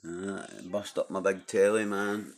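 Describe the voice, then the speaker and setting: A man's voice: low voice, flat delivery, measured pace. A Scottish man in casual live-stream chat, blunt and rambling, swearing freely as he calls people out.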